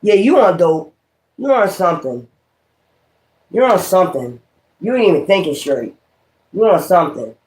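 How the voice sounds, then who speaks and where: High pitched guy ranting on his tarot stream, cussing a lot, in your face, says stuff over and over. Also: very animated, moderate pace, long pauses, darkish tone. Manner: profane, confrontational, repeats himself. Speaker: tarot reader. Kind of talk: livestream rant.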